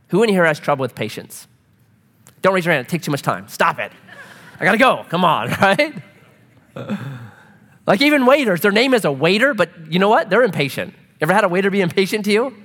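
Animated man preaching in a reverberant hall. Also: sits high, moderate pace. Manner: animated, joking, acts out quoted voices. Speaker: pastor. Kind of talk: sermon.

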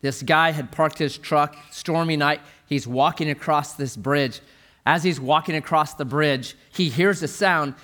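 A man's voice: fairly high pitch, measured pace, fairly bright tone. A man preaching a sermon in a conversational, storytelling way.

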